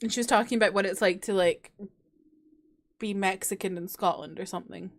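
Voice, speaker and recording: A woman's voice: medium pitch, fairly quick. A woman streamer chatting casually while playing a game, giggling often. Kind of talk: casual let's-play commentary.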